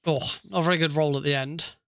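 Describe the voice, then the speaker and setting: A man's voice: fairly high pitch, fairly even intonation, quick pace, gravelly, a little hiss or hum. A man chatting casually while streaming a game, joking at his own expense and laughing often. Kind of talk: casual gameplay livestream commentary.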